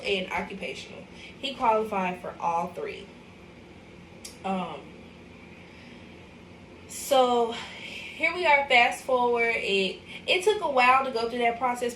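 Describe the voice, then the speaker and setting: A young woman talks to her viewers in a chatty, openly emotional way, calling them y'all. Her voice sits at a middling pitch and is picked up from some distance. The room is echoey, with a faint hiss underneath. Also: fairly bright tone. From Arkansas, USA. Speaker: vlogger, mother. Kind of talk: casual livestream chat.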